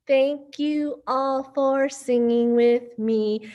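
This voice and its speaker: A woman librarian hosting an online storytime on a video call, reading a picture book to young children in an animated, sing-song way and asking them questions. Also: fairly high pitch, takes it slowly, hardly any pauses.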